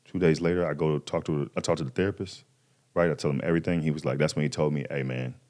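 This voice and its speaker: A man's voice: rumbling low, fast talker. A man in his thirties, a podcast guest, casually telling a personal story with lots of slang and acted-out quotes. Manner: animated, acts out quoted voices, slangy.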